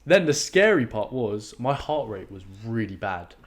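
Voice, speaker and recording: A young man, telling a race story in casual podcast chat, swearing freely and acting out his own shouts. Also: medium pitch, sing-song, moderate pace. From England. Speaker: podcast co-host. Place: podcast studio.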